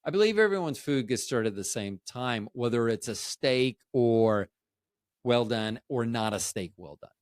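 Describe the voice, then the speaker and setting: A man's voice: medium pitch, expressive, moderate pace, smooth, no room sound, clean studio sound. Rambling, jokey man in his fifties. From Tampa Bay, Florida, USA. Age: 50s. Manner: rambling, self-interrupting, jokey. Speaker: podcast host. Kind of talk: casual solo chat.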